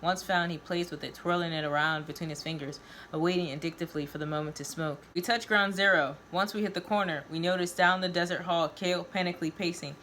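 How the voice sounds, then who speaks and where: A woman reading a first-person novel aloud, expressive and voicing each character. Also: fairly low pitch, quick pace, slight background noise. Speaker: reader of her own novel.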